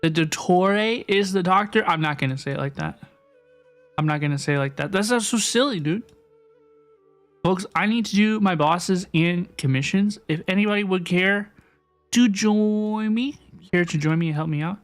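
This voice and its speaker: Faint music plays behind a young man whose high, fairly bright voice moves fairly quickly. While streaming a game, he chats playfully with viewers and tends to repeat his phrases.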